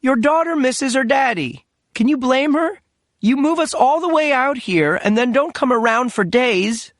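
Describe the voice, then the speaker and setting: A man reading an audiobook, voicing an older mother who complains and scolds in a high-pitched voice. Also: animated, a little slow, a bit bright, no echo, clean studio sound, full character voice. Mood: scolding.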